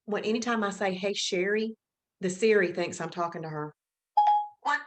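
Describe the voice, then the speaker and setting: A woman with a Southern Alabama accent hosts a live webinar in a medium-pitched, brisk voice. She chats casually and upbeat, greeting viewers by name.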